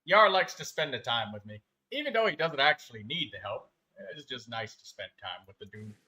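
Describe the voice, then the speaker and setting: Bright-voiced man chatting while gaming. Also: mid-range voice, very animated, fairly quick. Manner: easygoing, chatty, with friendly restarts. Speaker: gaming streamer. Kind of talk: casual chat while playing live.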